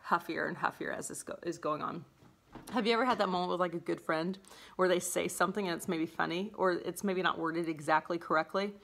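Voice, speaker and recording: A woman's voice: lowish voice, fairly bright tone. A woman teacher explaining a play in a chatty way, laughing often and saying "like" and "okay?" a lot. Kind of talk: casual classroom explanation.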